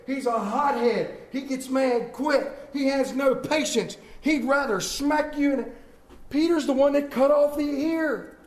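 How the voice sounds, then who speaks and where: Impassioned preacher, high-pitched. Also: male voice, a little slow. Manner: impassioned, swings from loud to hushed. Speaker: pastor. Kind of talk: sermon. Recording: echoey church room.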